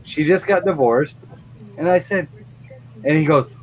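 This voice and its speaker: A man's voice: on the high side, moderate pace, pauses often, slight background noise, rough recording. A middle-aged man who runs a lawn mowing business, telling a blunt, profane story in a casual podcast chat.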